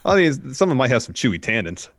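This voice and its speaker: A man co-hosting a wrestling podcast, calmly recapping events in casual chat. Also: mid-range voice, fast, no echo, clean studio sound. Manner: relaxed, reads out recap of events.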